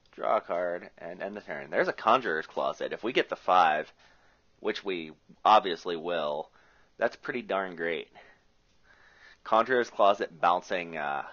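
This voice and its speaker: Commentating his own Magic match, a Rust Belt man reasons through each move aloud with chatty jokes. His low voice has a fairly bright tone, and the recording is muffled and lo-fi.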